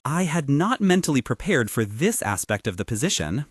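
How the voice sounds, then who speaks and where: A man narrating a first-person story with animated, dramatic emphasis. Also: medium pitch, moderate pace, husky, no echo, clean studio sound.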